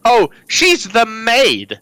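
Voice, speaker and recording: A man's voice: very high-pitched, huge pitch swings, very slow, sharp tone, no echo. A man co-hosting a comedic podcast, making sarcastic jokes about a film. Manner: sarcastic, jokey. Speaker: podcast co-host. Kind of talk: comedic movie recap chat.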